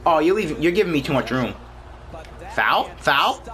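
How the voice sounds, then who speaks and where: Young male gamer, high and bright voice, excitable, complains out loud at the game. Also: measured pace, pauses often. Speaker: gaming YouTuber. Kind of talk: gameplay commentary.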